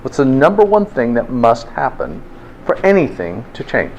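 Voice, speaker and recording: A man's voice: medium pitch, sing-song, moderate pace, muffled recording, slight background noise. A man teaching a health class in an informal, interactive way, often checking in with "okay?". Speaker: health instructor.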